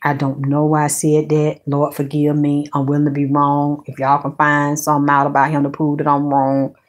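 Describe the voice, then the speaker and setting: Swearing, animated gossip host woman. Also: low-pitched, moderate pace. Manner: animated, swearing, talks straight to her viewers. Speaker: celebrity gossip channel host. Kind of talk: casual chat.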